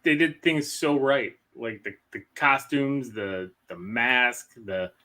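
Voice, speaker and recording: A man's voice: medium pitch, slow pace, a loud crowd. A man co-hosting a casual movie podcast, enthusiastic, stammering through restarts and fillers. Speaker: podcast co-host. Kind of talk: casual chat.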